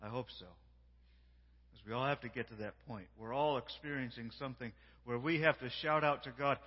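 A man giving a sermon as a guest preacher, warm and repetitive, drawing the congregation into call-and-response, swinging between hushed words and shouts. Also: medium pitch, normal speed. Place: large church sanctuary. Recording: dull sound with long hall reverb.

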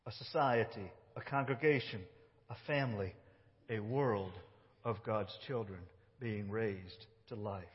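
A man with an American accent preaching a sermon as pastor, swinging from loud emphasis to soft, quiet phrases. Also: fairly low pitch, measured pace, big-room sound, lo-fi sound. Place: church sanctuary.

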